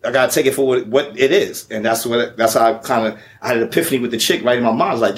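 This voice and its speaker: A man spins a story in loose, profane street talk at a middle pitch. He keeps checking in with his listeners as he goes. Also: rapid-fire, few pauses. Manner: profane, animated storyteller, repeats "you know what I'm saying". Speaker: podcast guest. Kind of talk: casual storytelling.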